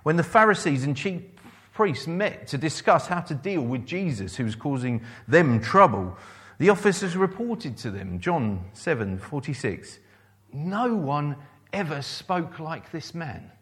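A man's voice: fairly high pitch, sing-song, measured pace, a bit bright. A man preaching a sermon, quoting scripture and repeating key phrases for emphasis.

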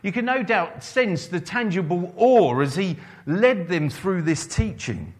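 A man delivering a sermon in an earnest preaching manner. His voice sits a little higher than most men's. He quotes scripture and repeats key phrases for emphasis. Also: animated, a little slow.

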